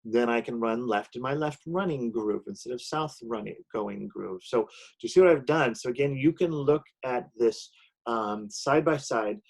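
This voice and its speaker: A man of middle pitch teaches a recorded online lesson while sharing his screen. He explains step by step, stopping often with an "okay?" and filling gaps with "um". He talks into a computer microphone. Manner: explanatory, many "okay?" check-ins and "um" fillers.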